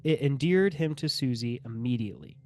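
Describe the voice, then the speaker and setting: A man's voice: mid-range voice, lively intonation, fairly quick. Young man reading aloud and joking. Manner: reads the article aloud, then breaks off to mock it, laughing. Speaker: podcast co-host. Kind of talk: casual chat, reading a case aloud.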